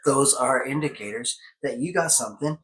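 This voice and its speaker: A man's voice: mid-range voice, moderate pace, fairly bright tone, low-quality recording. A man in casual wellness chat who explains ideas step by step in an encouraging way.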